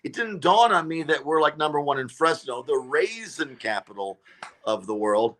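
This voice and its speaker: A man, a comedian and radio show regular, telling stories as a guest in a casual interview, animated and full of fillers and restarts. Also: on the high side, normal speed.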